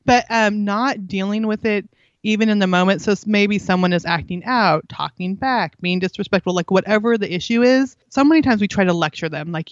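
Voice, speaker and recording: A woman's voice: medium pitch, a little fast, dry recording. A middle-aged woman, a guest in a casual interview, tells stories animatedly, acting out quoted dialogue and laughing often. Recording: dull dry lo-fi audio.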